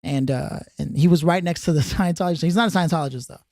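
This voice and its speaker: A man co-hosting a podcast in casual chat, an animated storyteller who laughs easily and acts out quotes. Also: fairly high pitch, fast, no echo, clean studio sound. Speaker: podcast co-host.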